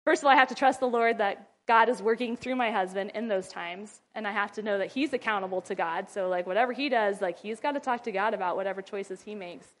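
A woman's voice: mid-range voice, fast talker, few pauses, a bit bright. A woman teaching mothers in a casual talk, chatty and laughing often as she acts out little scenes.

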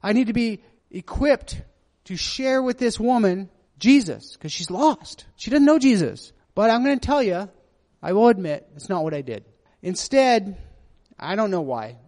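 A man's voice: sits high, animated, a little slow, darkish tone. A man preaching a sermon, earnest and confessional, who often checks in with his listeners by asking "right?". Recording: long hall reverb.

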